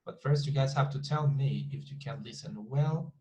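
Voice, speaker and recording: A man with a medium-pitched, slightly mellow voice teaches English online at a moderate pace over a rough recording. He talks casually and repetitively, frequently quizzing the class to check in.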